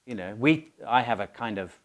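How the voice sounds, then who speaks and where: A man's voice: lowish voice, expressive, moderate pace. A man with a southern English accent, a teacher trainer chatting casually in a teasing, playful way. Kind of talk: casual chat.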